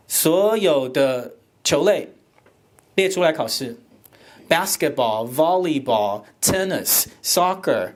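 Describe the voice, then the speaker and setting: At a teacher workshop, a Taiwanese man lectures in an animated, joking manner, moving back and forth between Mandarin and English. His voice sits on the high side.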